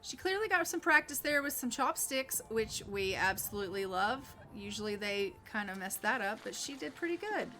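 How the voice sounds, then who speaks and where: A woman's voice: medium pitch, big pitch swings, normal speed, few pauses, pushed and bright. A woman hosting casual gameplay commentary, chatty and full of fillers like "like" and "um". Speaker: gaming channel host. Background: faint game music.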